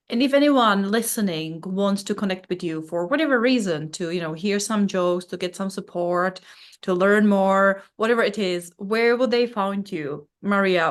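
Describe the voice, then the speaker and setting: Upbeat woman podcast host. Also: mid-range voice. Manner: upbeat, thanking and wrapping up. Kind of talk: podcast hosting and outro. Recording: faint music underneath.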